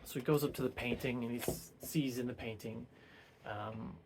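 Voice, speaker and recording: Male book reviewer for a casual, rambling plot retelling. Mid-pitched voice with a gravelly fry. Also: steady tone, moderate pace, background noise. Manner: rambling, hesitant, many fillers.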